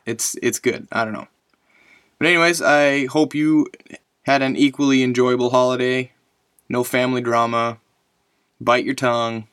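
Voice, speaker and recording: A man's voice: medium pitch, fairly bright tone, no room sound, clean studio sound. A man in his thirties, a father hosting his own show, talking in a casual, rambling and reflective way. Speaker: podcast host, father. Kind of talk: casual solo monologue.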